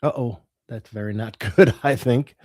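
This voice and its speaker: A man's voice: medium pitch, moderate pace, a little mellow, dry recording. Middle-aged guy telling his big story in an interview, dry close mic. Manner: dramatic storyteller with laughs. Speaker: guest.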